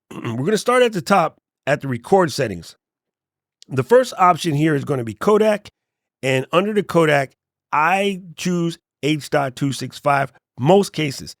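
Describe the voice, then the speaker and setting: A man hosting a casual tech tutorial, relaxed and joking, often letting his voice drop off at the ends of sentences. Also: a little high, a little slow, no room sound, clean studio sound. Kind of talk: casual screen walkthrough tutorial.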